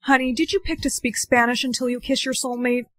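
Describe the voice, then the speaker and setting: A woman's voice: high voice, steady tone, brisk, a bit bright, no room sound. Young woman acting skits, dry sound. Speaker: skit performer. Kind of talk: comedic skit acting.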